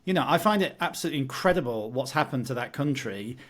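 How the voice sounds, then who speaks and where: A British man talks politics on a casual podcast at an everyday middle pitch. He is blunt and jokey, and he turns heated when he argues. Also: lively intonation, fast talker. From United Kingdom. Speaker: podcast co-host.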